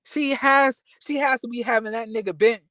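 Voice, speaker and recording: Profane, animated man ranting about TV. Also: very high voice, normal speed, no room sound. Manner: animated, profane, emphatic, breaks into apologetic asides. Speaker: commentary vlogger. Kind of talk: reality TV commentary rant.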